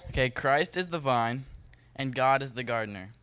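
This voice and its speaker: Guy teaching a bible study, laid back and jokey, clear smooth voice, mid pitch. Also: normal speed. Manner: relaxed, joking, talks straight to the group. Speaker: youth Bible study leader. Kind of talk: casual Bible teaching talk.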